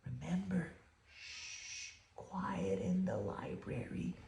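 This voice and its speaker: A man's voice: very high-pitched, very animated, slow pace, voice pushed up, exaggerated voice. A man voicing a small, cheerful, polite male mouse in a storybook, in a roomy room. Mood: hushing. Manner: bright, chirpy, hushed reminders. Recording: roomy home room echo.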